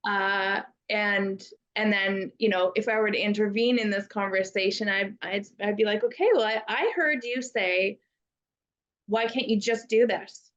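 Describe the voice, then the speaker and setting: A woman's voice: medium pitch, normal speed, few pauses, fairly bright tone, highs cut off. A woman youth educator talking casually and thoughtfully, acting out example phrases with frequent restarts. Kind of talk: casual conversational talk.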